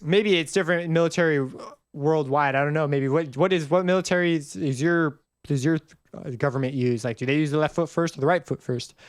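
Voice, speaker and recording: A man explains music theory in a casual tutorial, his voice sitting a little high for a man. He talks loosely and rambles, often stopping to correct himself. The recording is dry and close, with no room sound. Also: brisk, smooth, dry recording. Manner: chatty, rambling, self-correcting. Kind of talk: casual screen-recorded lesson.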